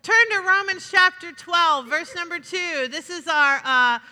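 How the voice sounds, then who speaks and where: A woman pastor delivers a sermon with a very high, bright, ringing voice. She preaches in a lively, chatty way and keeps turning aside to talk with her congregation. The sound carries a long reverb from the church sanctuary. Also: measured pace.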